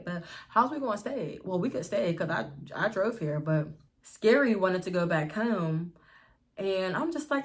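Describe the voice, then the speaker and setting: A woman's voice: fairly low pitch, moderate pace. Chatty young woman telling a storytime. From Pittsburgh area, US. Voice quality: lively, swears freely, addresses viewers as y'all. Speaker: vlogger. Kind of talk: casual storytime.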